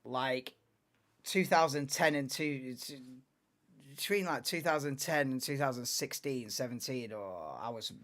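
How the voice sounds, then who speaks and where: A man in his late twenties, hosting a live race watchalong in an excitable, rambling, chatty way. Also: medium pitch, a little slow. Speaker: livestream host.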